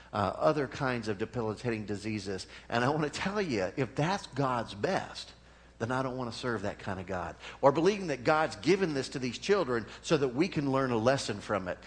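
A middle-aged man preaching a sermon as pastor, earnest and conversational, rising to emphatic peaks and dropping to quiet asides, often checking in with the congregation. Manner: swings between raised emphatic peaks and low, quiet asides.

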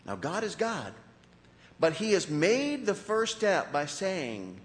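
A man preaches from the pulpit, his voice swinging widely from quiet, low asides to raised, emphatic peaks. His tone sits a little high for a man. A long reverb from the church sanctuary trails each phrase. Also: slow pace. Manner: animated preaching with sudden rises and drops. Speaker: pastor. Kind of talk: sermon.

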